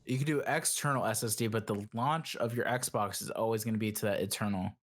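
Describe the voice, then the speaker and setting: A man's voice: fairly low pitch, steady tone, fairly quick. A young man co-hosting a gaming podcast in casual chat, rambling with lots of "like" and mocking impressions. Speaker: podcast co-host.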